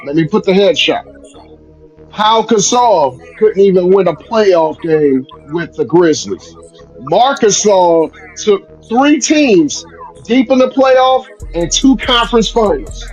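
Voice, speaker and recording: A man's voice: sits high, expressive, takes it slowly, faint music behind, poor audio. A man co-hosting a podcast in casual sports chat, giving blunt, dismissive verdicts. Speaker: podcast co-host.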